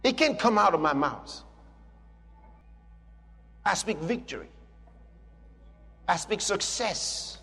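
High-pitched preacher guy, big echoey church, bit of music under him, hammers the same lines over and over. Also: animated, takes it slowly, long pauses, pushed and bright. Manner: emphatic, repetitive declarations. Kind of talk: sermon. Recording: long hall reverb with music.

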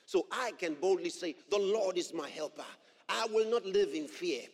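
A man preaching a sermon, emphatic and repetitive, reading scripture aloud and building to shouts. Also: high voice, moderate pace, husky, long reverb tail. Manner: emphatic, repeats key phrases and builds to shouts; reads scripture aloud in old-fashioned wording.

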